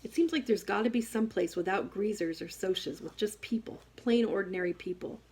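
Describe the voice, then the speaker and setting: A woman reading an audiobook, voicing a quiet, gentle teenage boy who speaks softly. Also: mid-range voice, lively intonation, brisk, husky. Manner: soft-spoken.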